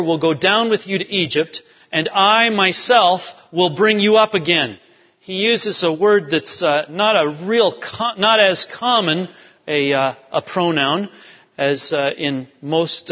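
A man with a high voice preaches a sermon, swinging between emphatic lines and sudden near-whispers. His voice carries a long reverb, as in a large church sanctuary, and the sound is a little dull. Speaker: pastor.

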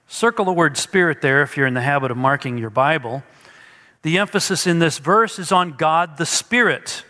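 Man, pastor, slow deliberate sermon, bright forceful tone, long church reverb. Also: fairly high pitch, lively intonation. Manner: emphatic, teaching with rhetorical questions. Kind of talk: expository sermon.

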